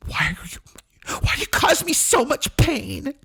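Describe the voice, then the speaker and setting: A man putting on the voice of a shrill, mocking woman who wails and pleads. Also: huge pitch swings, measured pace, pushed and bright, full character voice. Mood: wailing. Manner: high wailing, taunting, breaking into cries.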